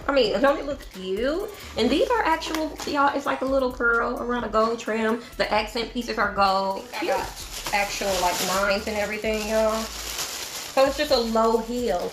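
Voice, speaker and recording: A woman's voice: on the high side, roomy sound. A middle-aged woman chatting casually to her viewers in a shopping haul video, talking to them directly as y'all. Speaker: vlogger.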